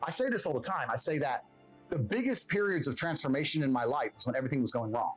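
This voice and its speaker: A man's voice: mid-range voice, lively intonation, quick pace, faint music behind, low-quality recording. A man who grew up in England delivers a blunt, profane, self-assured motivational monologue as a podcast guest.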